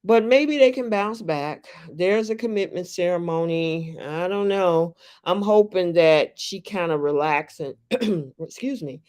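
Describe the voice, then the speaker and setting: A host chatting casually on a live stream about a reality show, reading viewer comments aloud in an unhurried, conversational way. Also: mid-range voice, a little mellow, clean tone.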